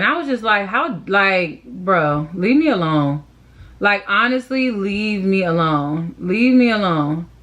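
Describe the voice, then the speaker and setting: Sassy, venting young woman vlogger. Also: on the high side. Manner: animated, sassy, exasperated venting. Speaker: beauty vlogger. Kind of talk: casual storytime while doing makeup.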